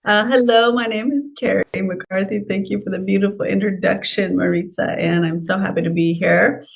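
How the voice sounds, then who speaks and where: A woman's voice: medium pitch, fairly even intonation, normal speed, creaky, breathy edge, highs cut off. A woman from California with a Californian accent, a guest explaining her work as an art therapist in a chatty, enthusiastic way. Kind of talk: interview answers, explanatory.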